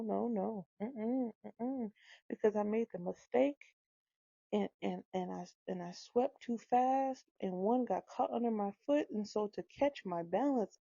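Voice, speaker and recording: A woman's voice: sits high, vocal fry, dry recording, dull audio. A woman in her thirties, a mother telling a funny story in casual chat, with lots of laughing and repeated phrases. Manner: animated, laughing, repeats herself for effect.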